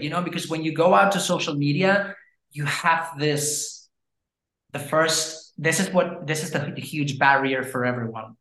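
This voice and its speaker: Chatty man in a roomy echo. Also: on the high side. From Brazil. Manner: animated, chatty storytelling with frequent fillers. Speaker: guest, language educator. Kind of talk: casual interview chat.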